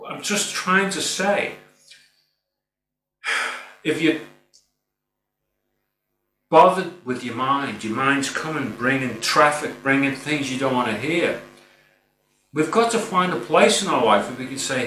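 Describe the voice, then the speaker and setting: A middle-aged spiritual speaker reflects informally and earnestly, in a medium-pitched voice that's animated, pushed, and bright. He keeps a measured pace with long pauses, rambles a bit, and says "you know" often, recorded roomily on a distant mic with a faint hum.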